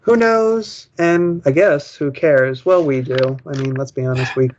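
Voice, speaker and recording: Wry, rambling man, slightly high voice. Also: unhurried, darkish tone, dull audio, slight background noise. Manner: rambling, wry, joking asides. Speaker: podcast co-host reading a children's book. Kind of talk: casual podcast chat, reading aloud and commenting.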